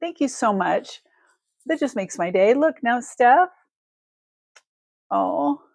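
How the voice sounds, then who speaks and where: A woman's voice: on the high side, vocal fry, a little mellow, no room sound, clean studio sound. A woman hosting a casual live-stream, chatty and effusive as she thanks viewers and shows jewelry. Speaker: livestream jewelry seller.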